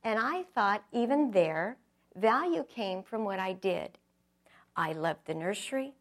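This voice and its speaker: A woman's voice: medium pitch, lively intonation, a little slow. A middle-aged woman giving an earnest, reflective personal testimony, telling her story with acted quotes.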